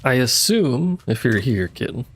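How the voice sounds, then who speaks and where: A man's voice: medium pitch, very animated, a little slow, slight background noise. A man streaming a video game, chatting casually with his viewers and muttering to himself as he plays. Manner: casual, swears now and then. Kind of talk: live gameplay commentary.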